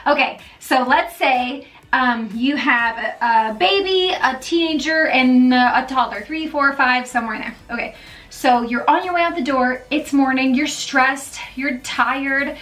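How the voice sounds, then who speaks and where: A woman's voice: high voice, measured pace, a bit bright, distant mic. A woman giving casual, encouraging vlog talk, chatty and often checking in with her listeners. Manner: chatty, checks in often with "okay?" and "all right?". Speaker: mom vlogger.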